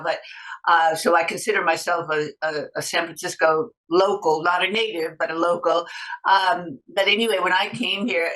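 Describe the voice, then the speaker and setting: A woman's voice: fairly low pitch, fairly bright tone, poor audio. A woman hosting a podcast, originally from the Boston area, with a faint trace of a Boston accent, chatty and full of personal asides. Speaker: podcast host. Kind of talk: conversational interview.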